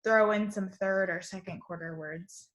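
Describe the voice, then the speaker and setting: A woman teacher giving an online lesson to young children, speaking in a slow, sing-song, encouraging way on a computer mic. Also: mid-range voice, fairly even intonation, fairly bright tone.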